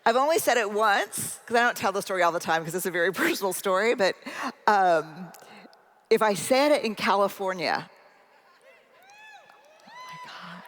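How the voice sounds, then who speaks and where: A middle-aged woman giving a humorous, self-deprecating keynote talk, telling a personal story and speaking directly to the audience in a large conference hall. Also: medium pitch. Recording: long hall reverb.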